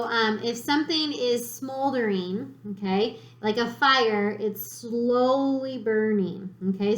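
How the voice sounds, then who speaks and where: A woman teaching a third grade reading lesson, patiently sounding words out syllable by syllable. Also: fairly high pitch. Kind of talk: slow spelling lesson for children. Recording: echoey room.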